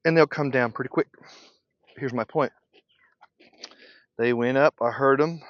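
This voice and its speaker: Man, beekeeper, slow easy delivery, thinking aloud, dry dull lo-fi outdoor recording. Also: medium pitch, no room sound. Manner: unhurried, thinking aloud, clears throat and coughs often. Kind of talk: casual teaching while working. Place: outdoor apiary.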